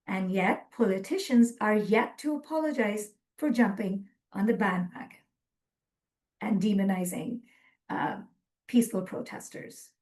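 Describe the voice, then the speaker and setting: A woman presenting a webinar lecture from slides, earnest and measured, with frequent ums. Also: medium pitch, a little mellow.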